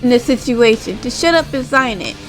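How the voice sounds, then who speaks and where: A woman acting out an irritated female wrestler who snaps curt orders at her rival. The voice sits a little higher and scolds without pause. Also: animated, faint music behind, natural voice, rough recording. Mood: scolding.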